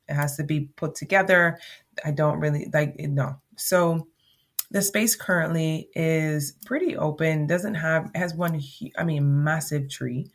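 A woman's voice: deep voice, a little slow. A woman from Jamaica hosting a podcast, talking through a casual solo monologue in a chatty, rambling way with emphatic repeats. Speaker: podcast host.

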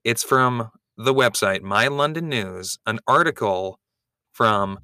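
A man's voice: mid-range voice, animated, slow, sharp tone, dry recording, studio quality. A man co-hosting a podcast, chatting casually and joking, sometimes reading an article aloud. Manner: playful, jokey, reads articles aloud. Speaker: podcast co-host. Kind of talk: casual chat.

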